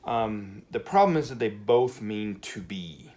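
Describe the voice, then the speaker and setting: A man teaching a Spanish grammar lesson at a whiteboard, relaxed and full of fillers, checking in with "okay" often. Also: fairly low pitch, unhurried. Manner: relaxed, many fillers and okays.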